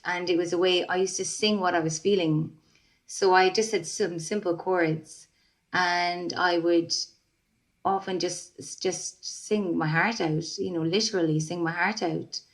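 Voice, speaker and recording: A woman, a singer-songwriter, talking reflectively in a casual interview with many fillers and restarts. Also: lowish voice. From Ireland.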